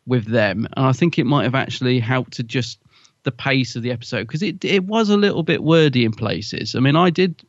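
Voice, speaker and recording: This medium-pitched man talks a little fast while co-hosting a podcast, rambling through a casual chat packed with fillers. There's no room sound, though the audio is muffled.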